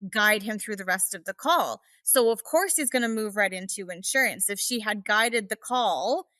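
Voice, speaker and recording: A woman on a podcast calmly explaining how a receptionist should guide a call, assured and clear. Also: medium pitch, normal speed, no echo. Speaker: podcast guest, front-desk expert. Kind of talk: casual podcast discussion.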